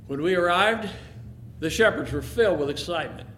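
Man, dramatic first-person storyteller, high lively voice, echoey room, faint hiss. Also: brisk. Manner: expressive, emotional narration.

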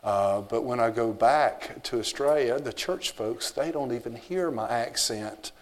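A man with a Southern US accent speaks in a mid-range voice at an unhurried pace, his words filling a big room. He's a visiting missionary giving a church congregation an easygoing, informal talk in the sanctuary, folksy and full of fillers.

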